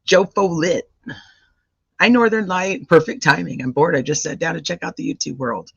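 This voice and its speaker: A man hosting a true-crime livestream and chatting casually with viewers as he greets them by name. His voice is roughened by a cold. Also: on the high side, normal speed, no room sound. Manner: chatty and animated, rattling off greetings. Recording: dry, slightly dull lo-fi sound.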